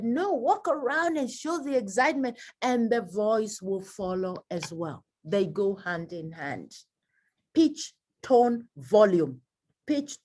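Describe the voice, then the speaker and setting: A woman teaching presentation skills in a lively workshop, acting out examples with big swings in her voice. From Kenya. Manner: animated, acts out examples with big pitch swings.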